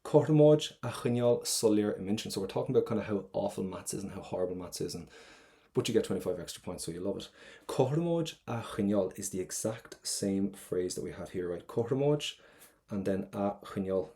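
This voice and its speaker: A man's voice: on the low side, expressive, a little fast, mellow. A young Irish man teaching an online exam prep class, upbeat and playful, explaining step by step.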